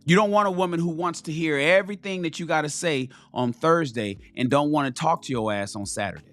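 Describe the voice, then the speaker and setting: A man's voice: on the high side, fairly quick, fairly bright tone, soft background music. A man hosting a talk show, giving blunt, profane dating advice to other men and repeating key phrases for stress.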